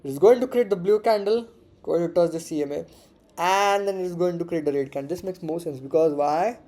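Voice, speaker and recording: A man's voice: a little high, fairly quick, warm tone. A man giving casual live commentary while trading forex, muttering and repeating words to himself and swearing freely. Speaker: forex trader streaming live.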